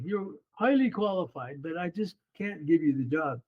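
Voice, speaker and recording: An older man in his seventies tells stories from his coaching days in a high, lively voice. He slips into the voices of the people he quotes. The audio sounds dull and muffled. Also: normal speed. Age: 70s. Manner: animated, acts out quoted voices. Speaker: guest, former runner and coach. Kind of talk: storytelling in an interview.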